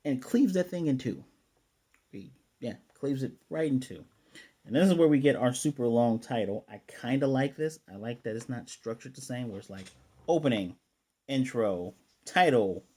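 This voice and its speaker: A man's voice: mid-range voice, expressive, normal speed, dark tone, husky. A man casually recapping and reviewing an anime episode, rambling and acting out the characters' lines as he goes.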